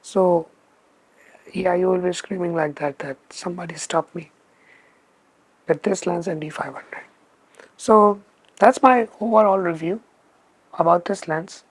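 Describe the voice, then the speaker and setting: Man reviewing gear, slow unhurried delivery, gravelly husky voice, dry close sound, emphatic repeats. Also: sits high, no echo. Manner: emphatic, repeats words for stress. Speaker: photography channel host. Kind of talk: casual spoken lens review.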